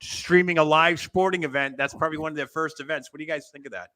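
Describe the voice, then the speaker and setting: A man's voice: a little high, steady tone, fast talker, sharp tone. A man co-hosting a wrestling talk show in casual panel chat, rambling, thinking aloud and laughing often.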